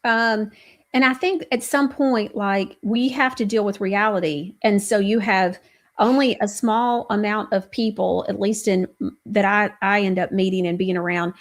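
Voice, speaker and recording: A woman hosting a casual political talk show, emphatic and rambling, quoting others in quick animated asides. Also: medium pitch.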